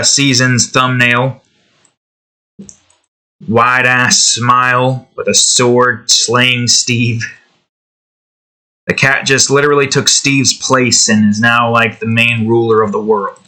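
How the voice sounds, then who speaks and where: A young man talks his way through a drawing session at home in a loose, rambling way, drifting off into asides. His voice is bright and forceful, and the talk is full of fillers and little tangents. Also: medium pitch. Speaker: digital artist and channel host. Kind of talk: casual rambling commentary while drawing. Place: at home indoors, with his cat nearby.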